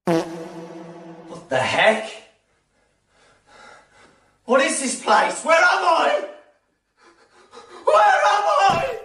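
A man doing a bewildered lost character, yelling. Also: extremely high pitch, sing-song, very slow, long pauses, exaggerated voice. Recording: loud noise behind the voice.

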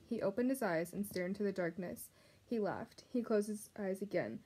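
A woman's voice: mid-range voice, animated, normal speed, husky. Woman reading a children's book aloud. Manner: gentle, addresses the reader directly. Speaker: reader. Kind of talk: storybook read-aloud narration.

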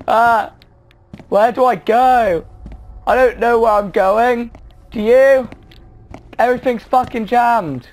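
A young man giving excitable let's play commentary on a horror game, swearing a lot and breaking into yelps and nervous laughter. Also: very high-pitched, slow, long pauses. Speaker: gaming video host.

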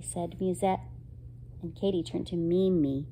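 A woman reading a children's picture book aloud, expressive and gentle, asking her listeners questions. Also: lowish voice, unhurried, a little hiss or hum, low-quality recording. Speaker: storyteller.

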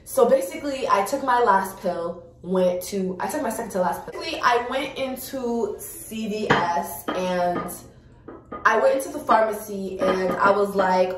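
A woman in her early twenties telling a personal story to her viewers in a frank, animated way, swearing freely. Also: medium pitch, moderate pace, distant mic, slight background noise. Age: early 20s. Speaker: vlogger. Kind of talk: casual storytime chat. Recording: echoey room, voice off-mic.

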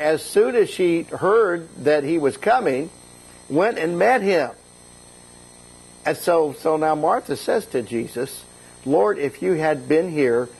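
A middle-aged man preaches with a gravelly, husky voice that sits a little high for a man. He retells scripture in a relaxed, folksy sermon style, lifting his voice whenever he quotes a line. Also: low-quality recording. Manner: casual, folksy paraphrase of scripture, voices rise for quoted lines. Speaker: bishop preaching.

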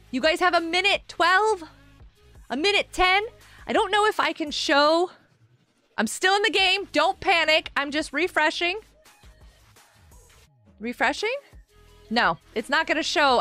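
A woman's voice: high-pitched, bright, forceful tone, dry recording. A woman hosting a live game stream, bubbly and gushing as she greets viewers in chat by name.

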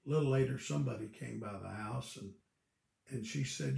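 A man, a pastor teaching a Bible study in a folksy, storytelling way with halting restarts. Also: mid-range voice, gravelly, darkish tone, roomy sound.

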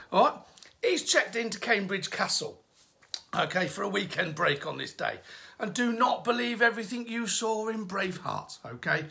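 Man, Midlands accent, gravelly, bright forceful voice, jokey live-stream history chat. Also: high voice. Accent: English, Midlands. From England. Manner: jokey and chatty, greets viewers by name. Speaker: tour guide hosting a live history stream.

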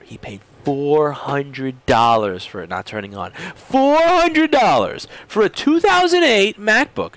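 A man who runs a repair shop, ranting casually in a blunt, profane, animated way. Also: fairly high pitch, normal speed, dry recording. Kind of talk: casual rant vlog.

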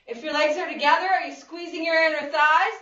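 Whooping, high-voiced woman fitness instructor. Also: fairly even intonation, brisk, pushed and bright. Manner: upbeat, encouraging, counts reps and whoops. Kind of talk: leading a workout class. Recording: roomy, distant and dull.

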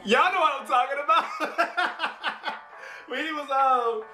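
A man's voice: very high-pitched, slow, bright, forceful tone. A man hosting a reaction video, giving casual, chatty commentary, laughing often and stumbling over his words. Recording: echoey room with faint music.

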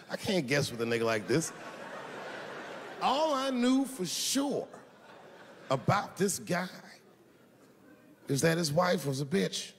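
A man performs stand-up on a large stage, swinging his somewhat high voice through big leaps in pitch and building to loud, profane punchlines. His voice carries a long hall reverb. Faint crowd noise sits underneath. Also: creaky. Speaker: stand-up comedian. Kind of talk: stand-up comedy set. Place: large stage before a live audience.

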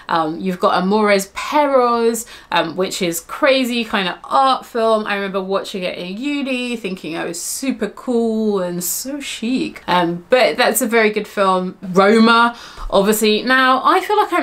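A young woman talks through her travel tips in a relaxed vlog. Her voice sits at a middling pitch, and she chats candidly with plenty of asides. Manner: chatty, candid, lots of "like" and asides. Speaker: travel blogger.

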